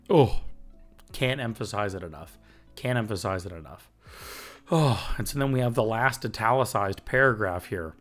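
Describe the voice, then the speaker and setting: A man hosting a recovery podcast, talking earnestly and getting fired up, with the odd swear and laugh. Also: fairly low pitch. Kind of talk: reflective recovery podcast talk.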